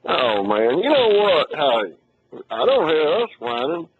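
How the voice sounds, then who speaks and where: A man's voice: a little high, big pitch swings, slow pace. A man calling in to a radio show, teasing and boisterous with a drawl. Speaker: radio caller. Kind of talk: phone-in banter. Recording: tinny phone line with faint noise.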